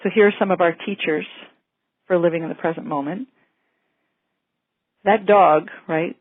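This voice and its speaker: Female physician, lecture delivery, calm and explanatory; dry, phone-band audio. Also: lowish voice, normal speed, dry recording, phone-quality sound. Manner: calm, explanatory, gently reassuring. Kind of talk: medical lecture.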